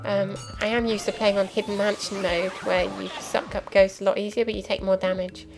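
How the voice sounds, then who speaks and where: A young woman with a medium-pitched, level voice talks a little fast during casual gameplay commentary, chatty and explanatory, often saying um and going off on asides. Game music plays clearly behind her, and the audio is poor.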